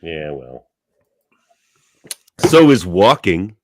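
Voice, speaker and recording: A man in casual podcast chat, tossing in jokes and quick quips. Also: low voice, very animated, no room sound, studio quality. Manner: jokey interjections, quick quips.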